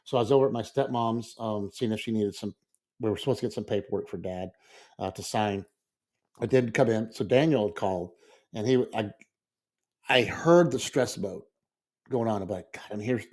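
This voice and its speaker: Speaking at a moderate pace with frequent pauses, this middle-aged man has a lowish, slightly mellow voice. As a podcast co-host in casual conversation, he tells a rambling story, repeating himself and performing the quoted lines.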